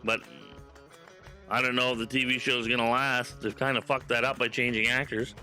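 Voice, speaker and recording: A man from Canada streaming games, chatting casually and telling stories in an animated, profane way. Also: mid-range voice, moderate pace, soft background music. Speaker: game streamer. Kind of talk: casual live-stream chat.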